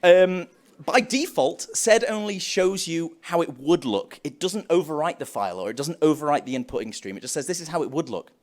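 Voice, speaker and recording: A young man gives a live conference talk about developer tools, speaking a little fast and with few pauses in a slightly high voice. He's animated and jokey, acting out playful back-and-forth dialogue.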